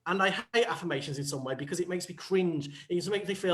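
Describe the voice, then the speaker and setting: A man's voice: a little high, fast talker, few pauses, a bit bright. A man who works as a coach, talking on a panel show in a reflective, playful way and acting out quotes. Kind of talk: panel talk show chat.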